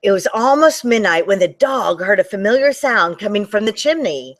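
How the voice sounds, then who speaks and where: A woman librarian reading a picture book aloud to children, animated and talking to them directly. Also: mid-range voice, moderate pace. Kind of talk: children's storytime read-aloud.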